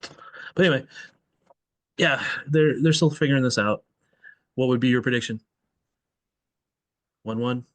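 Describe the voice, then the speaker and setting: A man's voice: medium pitch, a little slow, long pauses, no echo. A man hosting a soccer podcast in casual chat, thinking aloud and correcting himself as he goes. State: tired. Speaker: podcast host.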